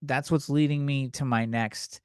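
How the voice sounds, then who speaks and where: A man's voice: medium pitch, fairly even intonation, a little slow, a little mellow, clear, resonant tone, no room sound, studio quality. A man hosting a comedy podcast, talking bluntly with lots of swearing, rambling and restarting his sentences. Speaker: podcast host.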